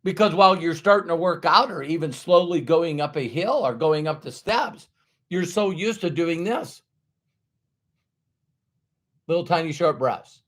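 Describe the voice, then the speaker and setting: A man giving a motivational talk to an audience, acting out everyday inner voices in an animated way. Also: fairly high pitch, measured pace, pauses often. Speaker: motivational speaker.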